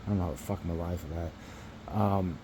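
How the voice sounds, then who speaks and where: A man's voice: deep voice, fairly even intonation, fairly quick, noisy background. A man vlogging to his phone camera, telling a rambling story in a casual, profane way and chuckling between remarks.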